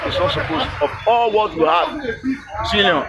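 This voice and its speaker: A man's voice: high-pitched, very animated, moderate pace, vocal fry. A man with a Nigerian accent speaking in an impassioned interview, repeating words and exhorting like a preacher. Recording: noisy crowd around the voice. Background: crowd noise.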